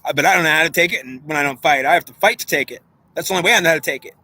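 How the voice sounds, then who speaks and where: A man rambles through a loose monologue, arguing with himself as his thoughts tumble out. His voice sits somewhat high and bright with a sharp, forceful edge. He talks at a quick clip. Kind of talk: unscripted monologue; guided visualization.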